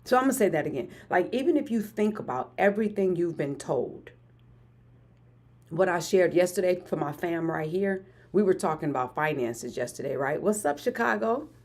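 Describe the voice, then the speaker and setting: A woman in her forties hosting a hyped motivational live stream, energetic and repeating phrases for emphasis. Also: on the low side, moderate pace. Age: 40s. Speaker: motivational livestream host.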